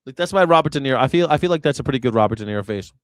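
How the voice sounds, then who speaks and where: A man's voice: mid-range voice, lively intonation, racing, no echo, clean studio sound. A man hosting a live news-reaction stream, rambling and joking in casual commentary. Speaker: host.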